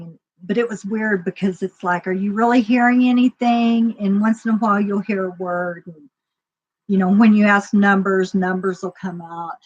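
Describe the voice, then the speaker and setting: Woman rambling through a story, lo-fi. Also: mid-range voice. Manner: rambling, full of fillers and re-enacted dialogue. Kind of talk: casual spoken storytelling.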